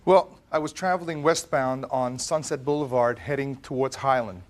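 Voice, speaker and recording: A man's voice: medium pitch, moderate pace. A man, the plaintiff in a small claims court show, animatedly recounting his case and acting out what others said. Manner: dramatic, acts out quoted dialogue. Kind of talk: animated storytelling testimony.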